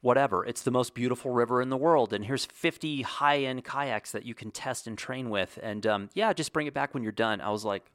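A man's voice: medium pitch, a little fast, few pauses, fairly bright tone, dry recording. A man in casual monologue, telling a story and animating the quoted lines in his own voice. His voice sits mid-range, recorded close in a dry, dead room.

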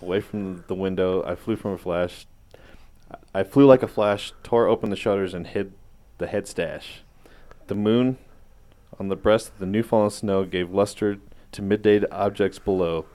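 A low-pitched man reading a rhyming holiday parody poem on a podcast. His delivery is casual and hesitant, with stumbles and restarts, and he pokes fun at himself. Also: steady tone, moderate pace, warm tone. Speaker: podcast co-host.

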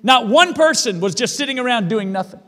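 High-voiced man preaching in a reverberant hall. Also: animated, fairly quick, pushed and bright. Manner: emphatic preaching with repeated phrases. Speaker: pastor. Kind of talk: sermon. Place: church.

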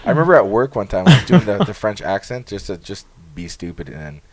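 A man's voice: lowish voice, big pitch swings, fast talker. A man co-hosting a podcast in casual chat, joking around and trailing off into mumbles. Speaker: podcast co-host.

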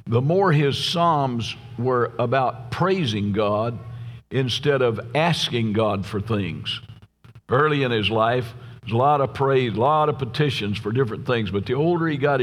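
A middle-aged man preaching a sermon as pastor, folksy and storytelling, often asking his listeners "Amen?". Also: mid-range voice. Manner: folksy, tells jokes, asks the crowd "Amen?". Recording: long reverb from a large church hall.

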